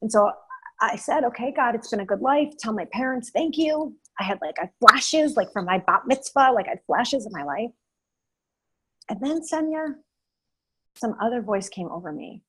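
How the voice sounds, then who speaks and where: A woman talking as a guest in an interview, telling a personal story in a lively way with many fillers and restarts. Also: fairly high pitch, moderate pace, slightly rough, low-quality recording.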